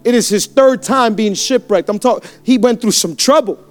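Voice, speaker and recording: High-voiced fervent preaching man. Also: normal speed, soft background music. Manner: fervent, repetitive call-and-response preaching. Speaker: pastor. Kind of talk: sermon. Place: church.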